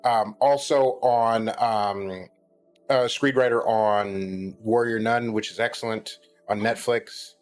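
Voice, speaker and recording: A podcast guest chats casually in a lowish, steady, slow voice, with faint music behind him. He rambles, restarting his sentences often and using lots of filler words.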